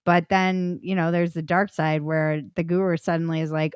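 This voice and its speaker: A woman's voice: fairly low pitch, little pitch movement, normal speed, smooth, dry recording. A woman guest on a podcast, telling a personal story in a frank, blunt way, loose with fillers.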